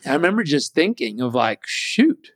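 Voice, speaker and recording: A man telling a personal story as an interview guest, animated and acting out what others said. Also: mid-range voice, normal speed, dry recording, clean studio sound.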